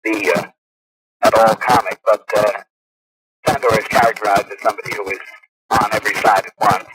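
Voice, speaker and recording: A middle-aged actor speaking in a measured, articulate way with frequent pauses, heard over a noisy phone line on an old radio broadcast. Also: male voice, fairly low pitch, flat delivery. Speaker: actor guest. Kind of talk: phone interview. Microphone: telephone.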